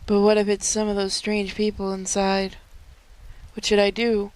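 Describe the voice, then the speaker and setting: A woman's voice: mid-range voice, monotone, normal speed, darkish tone, clear, resonant tone, close to an everyday voice. A woman voicing a frightened, earnest young woman in a game, reading her lines with worried urgency. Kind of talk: reading game dialogue aloud.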